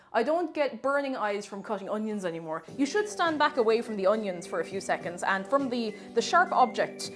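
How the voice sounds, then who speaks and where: A woman streamer chatting casually while cooking, rambling through deadpan absurd jokes. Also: fairly high pitch.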